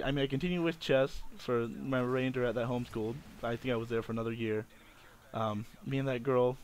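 A young man around twenty, talking straight to his viewers in a mid-pitched voice. He tells a story from his own past, candid and a little self-mocking, and he keeps restarting his sentences. A faint hiss sits under his voice. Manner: rambling, repeats and restarts phrases. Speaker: vlogger. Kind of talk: personal storytelling.

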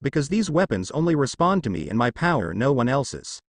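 A man's voice: medium pitch, very animated, brisk, no echo. A man reading the part of a cold, menacing teenage ninja boy with vampire powers, in a cool and threatening way.

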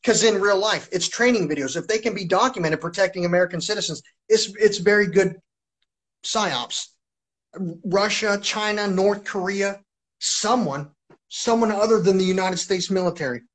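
High-voiced man ranting on a live stream. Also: moderate pace, a bit bright. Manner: profane, agitated, repeats himself. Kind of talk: rambling live-stream monologue.

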